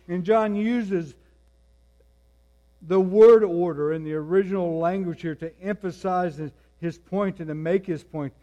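A man preaching a sermon, moving between quiet, intense passages and raised, emphatic ones. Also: high-pitched, measured pace. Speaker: pastor.

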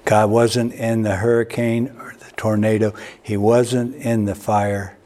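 A man preaching a sermon, telling a story with restarts and repeated words, his pitch jumping upward at emotional peaks. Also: little pitch movement, measured pace, dark tone. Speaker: pastor.

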